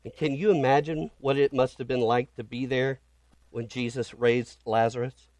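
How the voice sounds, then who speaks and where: A man's voice: mid-range voice, steady tone, normal speed, darkish tone, no echo. A man preaching a sermon as pastor, retelling scripture in an earnest storytelling way with dramatic emphasis.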